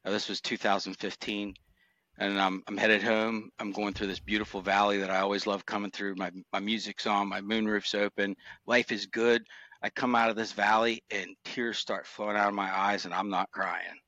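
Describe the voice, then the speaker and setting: Earnest man with a bright, dry voice. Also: fairly low pitch, little pitch movement, moderate pace, dry recording, highs cut off. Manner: earnest, reflective, emotional recollection. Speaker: retired motor cop guest. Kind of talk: candid interview storytelling.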